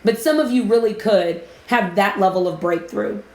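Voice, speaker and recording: A woman's voice: medium pitch, normal speed. Chatty woman coach in an echoey room. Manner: chatty, gives shout-outs. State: emotional, near tears. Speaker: business coach hosting a live broadcast. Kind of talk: casual live-stream talk. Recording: roomy echo.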